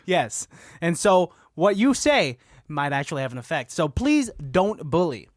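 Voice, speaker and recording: A man co-hosting a podcast in casual comedic chat, teasing his friend and quick to laugh. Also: a little high, sing-song, no echo, studio quality. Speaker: podcast co-host.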